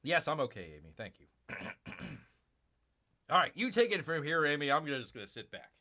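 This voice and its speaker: Sarcastic, animated male stream host. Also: on the high side, brisk. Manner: sarcastic, mocking asides; rambling with frequent fillers and restarts. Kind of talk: live-stream commentary, reading and mocking news.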